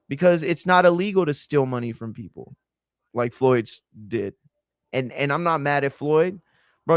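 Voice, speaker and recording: A man's voice: medium pitch, no echo, clean studio sound. Profane man ranting heatedly. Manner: profane, heated and frustrated, lots of filler and restarts. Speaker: wrestling and boxing podcast host. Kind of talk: casual ranting commentary.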